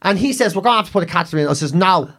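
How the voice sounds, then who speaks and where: An Irish man on a podcast, telling a story in a dramatic, animated way with loud acted cries. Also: sits high, racing. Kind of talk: casual storytelling chat. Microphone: studio microphone.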